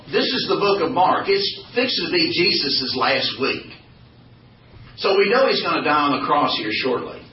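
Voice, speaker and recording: A man with a voice on the high side leads a small-group Bible study as an informal sermon, animated, joking and asking the group questions. The recording is roomy, distant and dull, with a little hiss or hum.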